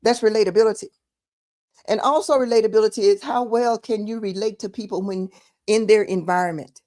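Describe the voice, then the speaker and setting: A woman's voice: mid-range voice, brisk, dark tone. A Texan woman giving casual political commentary, emphatic and repeating words for stress. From Texas.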